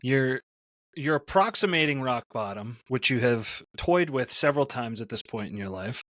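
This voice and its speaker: A man's voice: medium pitch, animated, normal speed, fairly bright tone, dry recording. A man hosting an interview, summing up the story and asking probing, reflective questions. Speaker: podcast host.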